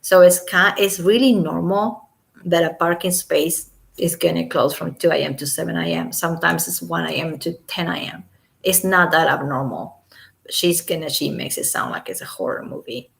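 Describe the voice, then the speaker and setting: Reading a court filing aloud at home, a Los Angeles woman speaks at a moderate pace in a lowish, gravelly, steady voice. She regularly pauses for incredulous, sarcastic commentary, and some of it comes out as a whisper.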